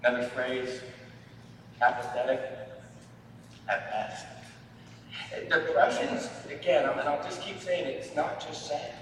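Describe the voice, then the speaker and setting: Man, halting sermon-style talk, far from the mic, long hall reverb. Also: on the high side, a bit bright, slight background noise. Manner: halting, repeats words, folksy asides. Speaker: marriage and family therapist speaking at a church event. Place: church hall.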